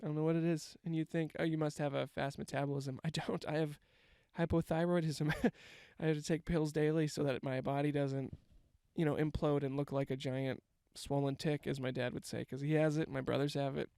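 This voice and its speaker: Rambling, swearing man with a smooth voice. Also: fairly high pitch, flat delivery, moderate pace, hardly any pauses, dark tone, dry recording, clean studio sound. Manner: rambling, profane, self-mocking. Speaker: comedian. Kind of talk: casual comedic storytelling monologue.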